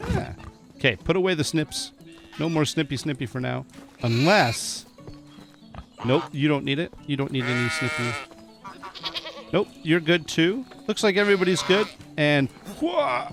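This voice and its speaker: A man's voice: fairly high pitch, very animated, measured pace, gravelly, long pauses, over music. Chatty, giggly man narrating gameplay. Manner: chatty, giggly, talks to animals in the game. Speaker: gameplay streamer. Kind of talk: casual let's-play commentary.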